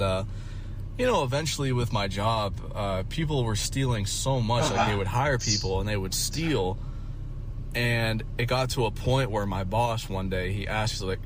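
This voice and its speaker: A man's voice: fairly low pitch, a little hiss or hum. A man telling a story in a casual vlog, rambling and swearing often, with many fillers. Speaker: vlogger.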